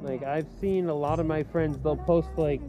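A man co-hosting a podcast, ranting in rambling, halting casual talk with plenty of swearing. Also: fairly high pitch, steady tone, music in the background. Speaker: podcast co-host. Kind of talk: casual chat.

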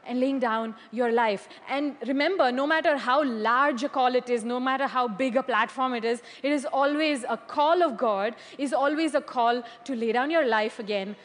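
A woman's voice: high voice, normal speed, hardly any pauses. Woman preaching in a reverberant hall. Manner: animated, laughs often, checks in with "okay?". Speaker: church leader. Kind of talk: sermon.

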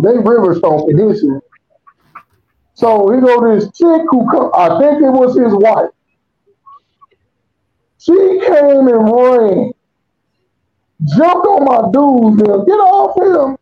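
A man on a casual podcast telling a long, profane story, acting out the quotes as he goes. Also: very high-pitched. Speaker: podcast co-host. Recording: dull lo-fi audio.

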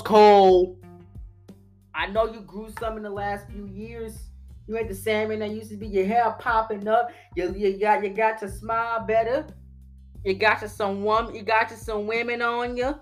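A man's voice: sits high, pitched below the performer's own voice. A man voicing an angry, betrayed longtime male fan who scolds and rants in slang. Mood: ominous. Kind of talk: reading an email aloud in character.

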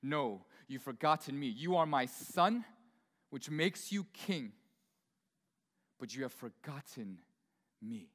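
A man voicing a wise, solemn lion king spirit, speaking slowly and gravely in a church. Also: mid-range voice, lively intonation, a bit bright, voice pushed down. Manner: slow, grave delivery. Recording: long hall reverb in a church.

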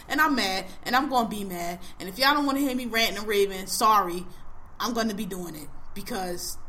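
Bright-voiced woman ranting angrily. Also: mid-range voice, slight background noise. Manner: angry, profane, emphatic ranting. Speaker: podcast host. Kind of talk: casual ranting chat.

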